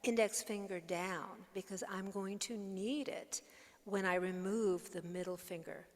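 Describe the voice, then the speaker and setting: Unhurried woman teaching ukulele. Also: mid-range voice, fairly even intonation, long reverb tail. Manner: patient, explains step by step, hums and counts along. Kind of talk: online music lesson. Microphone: video call.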